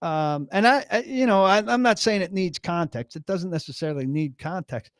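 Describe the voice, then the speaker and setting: A man co-hosting a sports talk radio show, opinionated and quick to push back. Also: high-pitched, no room sound, clean studio sound.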